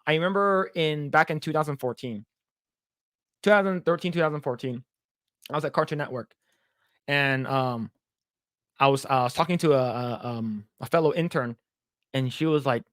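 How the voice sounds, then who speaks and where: A talkative man in his thirties, co-hosting a relaxed podcast and rambling through anecdotes. He acts out the other people's lines as he tells them. His voice sits a little high and is recorded close and dry. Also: brisk, no room sound. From United States. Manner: rambling storyteller who acts out quoted dialogue. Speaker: podcast co-host. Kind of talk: casual podcast chat.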